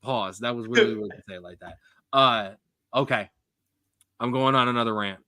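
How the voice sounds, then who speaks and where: A young man co-hosting a sports podcast, talking in a rambling, jokey, animated way. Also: mid-range voice, moderate pace. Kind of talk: casual sports chat.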